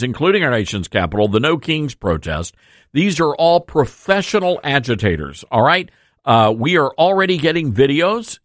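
A man's voice: mid-range voice, fairly bright tone, no room sound, clean studio sound. A man hosting a political commentary show, speaking in a folksy, opinionated, conversational way. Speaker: host.

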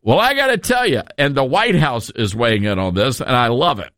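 A man's voice: mid-range voice, animated, a little fast, fairly bright tone, dry recording, clean studio sound. A male radio host giving a sarcastic, emphatic talk radio monologue, with frequent asides to his listeners.

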